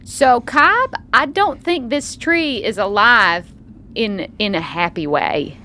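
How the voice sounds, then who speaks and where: A woman playing a tabletop game, animated and theatrical, often laughing. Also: on the high side, slow pace. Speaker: player.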